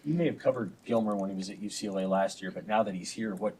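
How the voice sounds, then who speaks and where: A male reporter with a somewhat low voice asks short, direct questions at a brisk pace. Faint noise sits behind him. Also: darkish tone. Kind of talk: press conference question.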